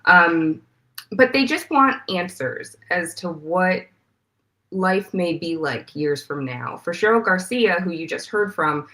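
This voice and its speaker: A woman reporter being interviewed as a guest, explaining her investigation in a clear, steady way. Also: lowish voice, slow pace. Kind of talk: interview answers.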